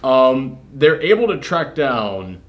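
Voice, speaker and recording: A man reviewing a horror film in casual spoiler chat, animated and swearing, with lots of fillers. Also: medium pitch, takes it slowly, muffled recording.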